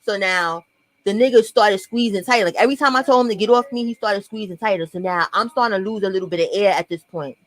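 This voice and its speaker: A woman's voice: medium pitch, quick pace, poor audio. A young woman with a New York accent telling a personal story to camera in a blunt, profane storytime vlog, talking straight to her viewers.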